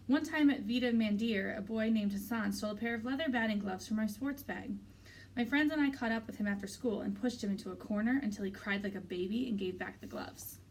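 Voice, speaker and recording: A woman teacher reading a children's novel aloud in a steady, clear storytelling way. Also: medium pitch, a little fast, distant mic, a little hiss or hum, low-quality recording.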